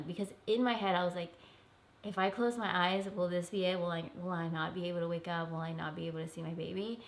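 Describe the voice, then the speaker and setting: A young woman vlogger telling a personal story in an emotional, earnest way, full of "like"s and close to tears. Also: medium pitch. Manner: tearful, earnest, filler-heavy with many "like"s.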